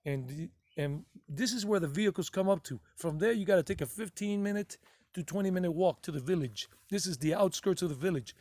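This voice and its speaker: A man's voice: high-pitched, lively intonation, brisk, darkish tone, no echo. A man narrating his travel footage in a casual vlog, gushing and rambling and often repeating himself. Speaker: travel vlogger.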